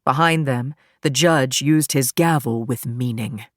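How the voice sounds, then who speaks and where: A woman reading a crime thriller audiobook in an even, steady narration. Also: very deep voice, measured pace, no room sound, clean studio sound. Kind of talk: scripted narration.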